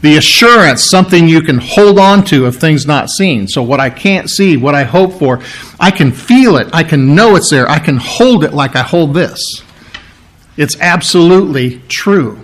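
A man's voice: a little high, animated, normal speed, fairly bright tone. A man preaching an expository sermon, teaching verse by verse in an emphatic way and repeating key words for weight.

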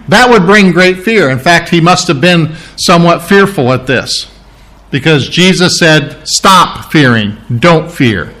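Higher-voiced man teaching a sermon. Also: expressive, measured pace, a bit bright. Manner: thoughtful, stops to restart and correct himself, often clears throat. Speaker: pastor. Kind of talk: verse-by-verse Bible teaching sermon.

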